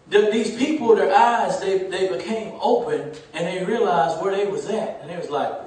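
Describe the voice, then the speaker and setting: A man preaching a sermon as pastor. He swings from loud, shouted lines to hushed, almost whispered passages. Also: sits high, animated, normal speed, a little hiss or hum. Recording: echoey church room, distant mic.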